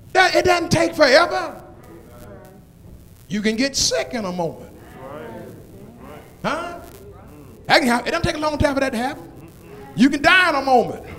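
A man preaching a sermon in a church, with call-and-response lines that build to shouted climaxes. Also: extremely high pitch. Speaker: pastor. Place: church sanctuary. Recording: long church reverb.

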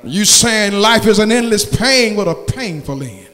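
Preacher, male: high voice, slow drawn-out delivery, shouts to whispers, long church-hall reverb. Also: animated, faint music behind. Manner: call-and-response preaching, swinging from shouts to hushed tones. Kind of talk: sermon. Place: church sanctuary.

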